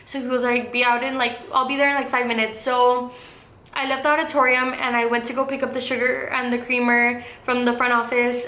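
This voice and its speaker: A woman's voice: a little high, level tone, brisk, bright, forceful tone. A young adult woman vlogger telling a casual story, chatty and full of fillers like "like" and "um". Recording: echoey room with faint hiss.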